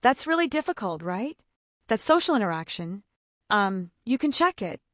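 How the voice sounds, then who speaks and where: A mother of autistic children chats casually about her advice, peppering her talk with "like" and acting out the conversations she mentions. Her medium-pitched, fairly bright voice swings widely in pitch at a moderate pace. The studio-quality recording is clean, with no echo.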